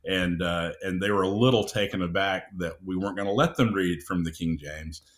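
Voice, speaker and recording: A middle-aged man with a low, deep voice speaks as a podcast guest. He talks at an unhurried, measured pace and fills his pauses with "uh"s and small restarts. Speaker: audiobook producer, guest. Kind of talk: casual interview chat.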